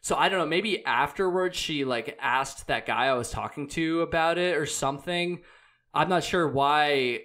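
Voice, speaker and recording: A man's voice: a little high, normal speed, sharp tone. A young man telling a long hiking story in a loose, rambling way, full of "like"s, restarts and casual swearing. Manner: rambling, many "like"s and restarts, laid-back swearing. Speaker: hiker and podcast guest.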